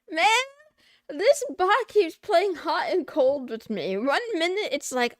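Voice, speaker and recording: A woman's voice: extremely high pitch, very animated, extremely slow, long pauses, no echo, clean studio sound. A woman VTuber streamer in casual livestream chatter while studying, muttering to herself and slipping in playful meows and silly sounds.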